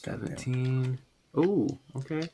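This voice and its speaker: A man's voice: medium pitch, takes it slowly, noisy background. A man narrating as game master, describing scenes in a loose, rambling way with many fillers.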